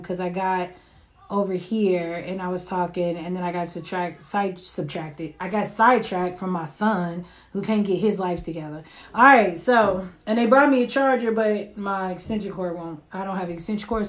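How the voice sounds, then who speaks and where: A woman giving a casual live-streamed tarot reading from home on her phone, chatting loosely with viewers and tossing in "right?" between points. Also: mid-range voice. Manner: chatty, loose, tag questions and asides to viewers. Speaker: tarot reader.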